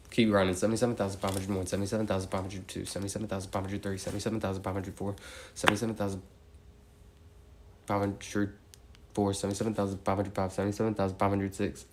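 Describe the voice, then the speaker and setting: A man's voice: fairly low pitch, a little hiss or hum. A man on a live stream counting numbers aloud, breaking into chatty tangents packed with "like". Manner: fast, steady number recitation broken by chatty tangents full of "like".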